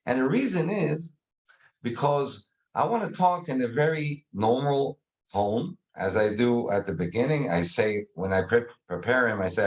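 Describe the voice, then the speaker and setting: A man guest explaining a communication method in casual conversation, animated and acting out examples. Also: mid-range voice, moderate pace, lo-fi sound. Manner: animated, acts out examples with faces and sounds.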